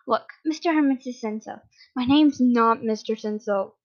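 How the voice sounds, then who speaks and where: A woman reading a story, voicing a goofy, excitable young man who talks eagerly and nervously. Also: a little high, normal speed, lightly acted. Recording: dull lo-fi recording.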